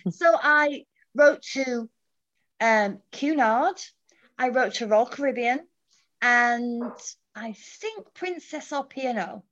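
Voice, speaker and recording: A middle-aged woman from England tells a story in relaxed conversation. Her voice sits fairly high, and she acts out the voices of the people in it. The recording sounds dull and lo-fi. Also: slow, pauses often. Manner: animated, acts out quoted voices. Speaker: guest. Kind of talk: casual storytelling. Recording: dull lo-fi audio.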